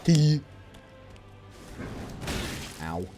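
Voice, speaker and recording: A man streaming a game live, talking excitedly to his viewers and teasing himself about his play. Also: on the high side, extremely slow, music in the background. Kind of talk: live gameplay commentary.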